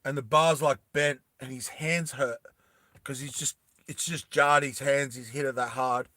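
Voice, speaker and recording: A young man casually recapping a movie plot, animated, laughing often and acting out the scenes. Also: medium pitch, unhurried, dry recording, clean studio sound. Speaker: storytelling vlogger.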